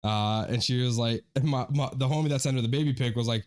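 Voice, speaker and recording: A young man co-hosting a podcast casually retells a story, animatedly acting out his friends' lines in their voices and swearing a lot. His voice is medium-pitched, and he talks fast with hardly any pauses.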